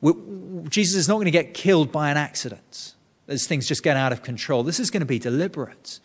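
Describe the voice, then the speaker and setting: A man's voice: a little high, a little fast, breathy edge. A man preaching a sermon, explaining scripture earnestly and often restarting his sentences. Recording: reverberant hall.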